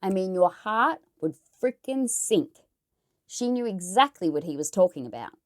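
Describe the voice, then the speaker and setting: A woman's voice: medium pitch, big pitch swings, normal speed. An Australian woman telling a true crime story in a casual, chatty way, blunt and swearing as she editorialises.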